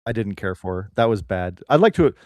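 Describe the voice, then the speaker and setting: A man co-hosting a casual comedy podcast, wry and deadpan as he picks apart a story. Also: fairly low pitch, moderate pace, no room sound, studio quality. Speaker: podcast co-host.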